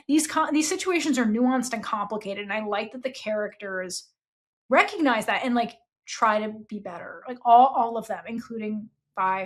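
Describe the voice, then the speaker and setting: A woman hosting a book club podcast, retelling a novel in casual chat full of "like" and "okay?". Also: medium pitch. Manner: animated, frequent "like" and "okay?".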